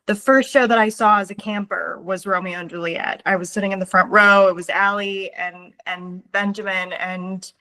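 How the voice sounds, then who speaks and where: A young woman speaks over a video call with a bright, forward voice. She is nervous and halting, with many stops and starts, and sounds close to tears. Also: mid-range voice, fairly even intonation. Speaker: former theater camper, guest. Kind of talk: casual video-call chat.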